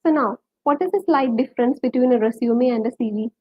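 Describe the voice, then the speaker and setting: A woman's voice: on the high side, brisk, husky, no echo, lo-fi sound. A woman with a Malayali accent teaching a live online English lesson, quizzing viewers and reading out their names and answers.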